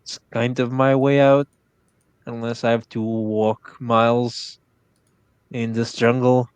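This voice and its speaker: A man's voice: mid-range voice, level tone, takes it slowly, clean tone, no echo. A man playing a tabletop game, speaking in character in a formal, slightly stilted way. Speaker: player. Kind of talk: in-character tabletop role-play.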